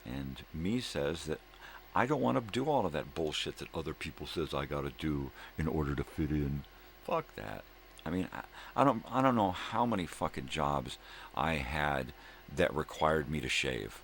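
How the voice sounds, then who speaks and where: A man's voice: very deep voice, expressive, normal speed, gravelly, fairly bright tone, slight background noise. A man hosting his own daily video show, ranting in a profane, angry monologue. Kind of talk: casual monologue.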